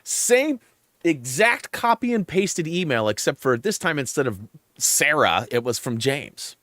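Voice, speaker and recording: Over gameplay, a middle-aged gaming channel host tells stories in an animated way, laughing a lot and performing quotes in character. His voice sits at medium pitch and moves at a moderate pace. The audio is studio quality, free of echo.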